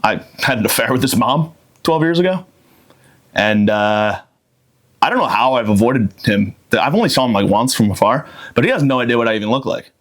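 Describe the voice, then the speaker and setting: Casting: a man with an average-pitched voice, crude and cocky deadpan comic monologue. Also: fairly quick. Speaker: podcast host. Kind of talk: comedic monologue.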